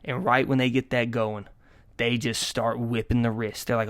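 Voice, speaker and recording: A man's voice: medium pitch, flat delivery, normal speed. A man in his twenties hosting a casual solo podcast, rambling through jokey, profane stories with sudden bursts of energy. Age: 20s. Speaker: podcast host.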